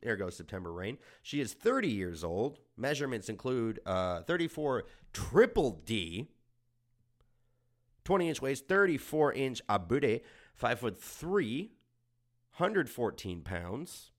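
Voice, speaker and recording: A man's voice: mid-range voice, very animated, a little slow. A young adult man from Germany hosting a comedy podcast, riffing crudely and sarcastically. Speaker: podcast host.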